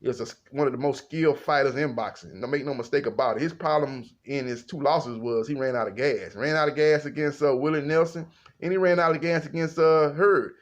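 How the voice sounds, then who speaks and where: A man's voice: fairly high pitch, brisk, dull audio. A man giving casual, loose solo commentary on boxing, full of fillers and calling his listeners "man".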